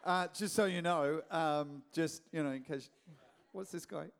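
High-voiced Australian pastor telling a story. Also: male voice, vocal fry, smooth. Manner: lively, joking, with quick restarts. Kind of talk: sermon storytelling.

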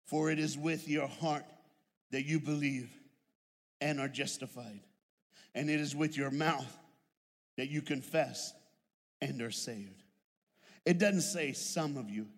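Fervent preacher in a reverberant hall. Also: male voice, a little high. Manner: rises to shouting, drawn-out fervent preaching; humorous storytelling with put-on voices. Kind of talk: sermon.

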